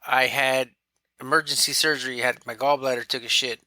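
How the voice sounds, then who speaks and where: A man's voice: mid-range voice, a little fast, no room sound. A man speaking as a podcast guest, candidly telling his own story in casual talk and acting out what others said. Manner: candid, animated, quotes himself and others.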